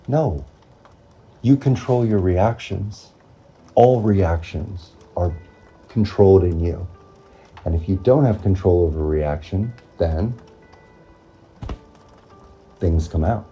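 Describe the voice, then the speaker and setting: A man giving an earnest motivational monologue, repeating phrases and pausing often. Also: sits low, lively intonation, mellow, husky, highs cut off, soft background music. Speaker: motivational vlogger.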